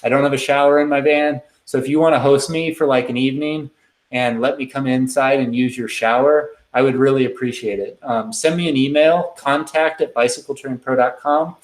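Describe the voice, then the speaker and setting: A man's voice: medium pitch, brisk. A man chats through a live stream Q&A, answering viewers in a loose, rambling way full of ums. His voice sits in the middle range and carries a noticeable room echo. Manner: relaxed, rambling, many ums. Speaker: channel host answering live questions. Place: indoors at a computer.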